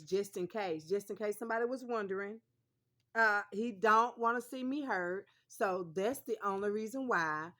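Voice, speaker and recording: A woman speaks to her viewers in a casual vlog, her voice sitting at an ordinary middle pitch. She drives her points home through repetition and keeps addressing listeners as honey. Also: a bit bright. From Mississippi, US South. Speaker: vlogger.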